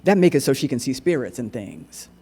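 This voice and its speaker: A man performing a dramatic monologue on stage, narrating in an animated, dialect-rich storytelling voice. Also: mid-range voice, brisk. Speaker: solo performer. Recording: echoey hall recording.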